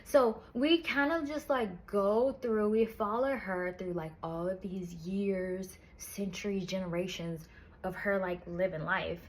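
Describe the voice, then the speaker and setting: A woman's voice: mid-range voice, measured pace. A woman in a casual book review chat, retelling the story in a chatty, profane way with lots of "like".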